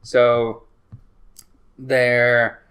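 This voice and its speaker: A man's voice: mid-range voice, monotone, extremely slow, a bit bright, clean tone. A young man hosting a podcast, chatting casually and joking, laughing often. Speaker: podcast host. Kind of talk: casual chat.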